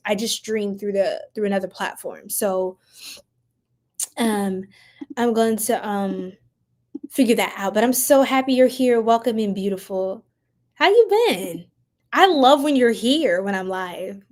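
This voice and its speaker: Playful laughing woman on a live stream. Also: on the high side. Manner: playful, laughs often, chats with the chat, exclaims loudly. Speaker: tarot reader streaming live. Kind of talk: casual live-stream chat with viewers.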